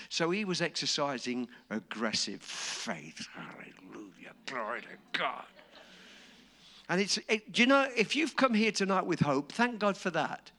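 A man preaching a sermon, dramatic and storytelling, acting out quotes and rising to shouts. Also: a little high, big pitch swings, normal speed.

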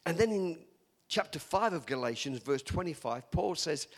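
A man's voice: fairly high pitch, expressive, normal speed. An older man from England, preaching a chatty sermon full of stories, laughing often and teasing his listeners.

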